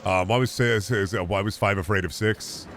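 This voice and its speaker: A young adult gaming streamer rambles and jokes casually, swearing a lot. His voice is lowish and fairly bright at normal speed, with soft music playing in the background.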